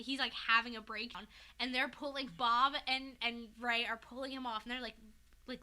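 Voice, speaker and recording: Bright, rambling young woman recapping. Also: fairly high pitch, moderate pace. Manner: animated, rambling, swears freely, lots of "like". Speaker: podcast co-host recapping a fanfic. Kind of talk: casual chat.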